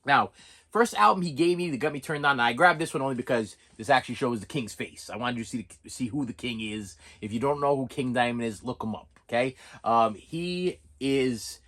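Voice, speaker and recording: A middle-aged man vlogging casually, telling a story in an animated way and repeating himself for emphasis. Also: medium pitch, a little fast. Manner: animated, repetitive, excitable.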